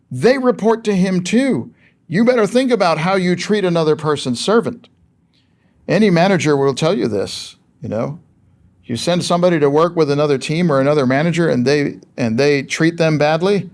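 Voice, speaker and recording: A man's voice: on the high side, darkish tone. A man preaching a sermon in a conversational, emphatic way, asking rhetorical questions of his listeners.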